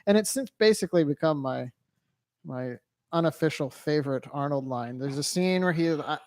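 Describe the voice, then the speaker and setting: A man co-hosting a podcast in casual chat, telling stories in a relaxed, wry way. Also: a little high, normal speed, dry recording, clean studio sound. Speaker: podcast co-host.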